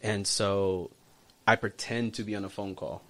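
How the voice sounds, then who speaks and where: A man telling a personal story in a casual chat, animated, swearing freely and acting out what other people said. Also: on the low side, a little slow. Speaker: podcast guest.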